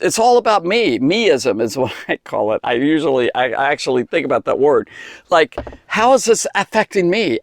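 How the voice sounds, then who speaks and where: A man's voice: a little high, no room sound, clean studio sound. Impassioned man giving a Bible teaching. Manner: impassioned, rambling with many restarts and fillers. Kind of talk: earnest Bible teaching talk.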